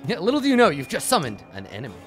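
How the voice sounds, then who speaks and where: Guy swearing his way through a strategy rpg, bright voice, bounces all over, soft game music behind. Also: a little high, racing. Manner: profane, animated, reads game text aloud. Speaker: host. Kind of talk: let's play commentary.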